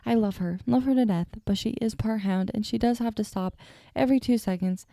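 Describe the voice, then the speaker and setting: A woman's voice: on the high side, fairly quick, vocal fry, mellow, no room sound, clean studio sound. A young woman hosting a podcast, telling stories in a chatty, self-deprecating way, sleepy and yawning, with a stutter at times. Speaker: podcast host. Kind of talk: casual solo storytelling.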